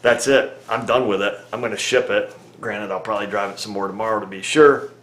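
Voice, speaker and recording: A low-voiced man talking shop as a mechanic, plainspoken and folksy, thinking out loud as he goes. His voice bounces around a roomy, echoey space. He keeps it casual and easy. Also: a little fast, slight background noise. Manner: plainspoken, folksy, talks through reasoning aloud. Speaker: auto repair mechanic. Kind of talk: casual talk to camera. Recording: echoey room.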